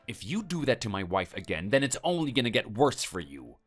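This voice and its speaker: Man, stern and threatening, lively pitch, text message story read. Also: brisk, soft background music. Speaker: story voice for the husband.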